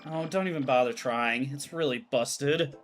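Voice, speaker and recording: A man's voice: medium pitch, normal speed, faint music behind, lightly acted. A man voicing a timid young female shadow girl from a game, anxious and self-pitying. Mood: worried.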